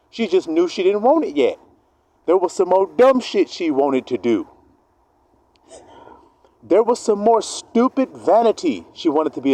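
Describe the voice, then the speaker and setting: Man, slightly high voice with wild swings in pitch, preaching a profane street sermon that acts out both sides of each argument. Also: mellow, poor audio. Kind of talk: street-style sermon monologue.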